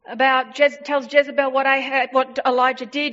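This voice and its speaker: A woman preaching a sermon, retelling a story with animated emphasis and repeated phrases. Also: high-pitched, moderate pace, few pauses. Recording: dull lo-fi sound.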